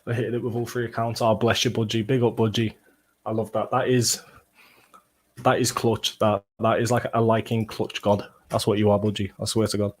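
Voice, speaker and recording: A young man hosting a football watchalong livestream, bantering and swearing as he reads out chat comments, with bursts of excited play-by-play. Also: lowish voice, normal speed, slightly rough. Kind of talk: casual livestream chat and match reaction.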